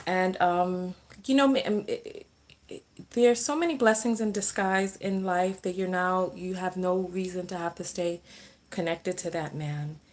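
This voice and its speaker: Her voice on the low side and a little mellow, a self-love and relationship coach speaks at a measured pace with fairly even intonation. During her casual livestream Q&A she reads viewers' comments and responds spontaneously, frequently breaking off and starting sentences over.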